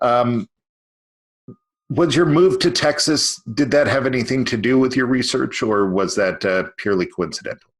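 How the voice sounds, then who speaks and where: A man's voice: medium pitch, normal speed. A male podcast host from California, asking questions in an easygoing way with hesitant ums. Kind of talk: casual interview chat.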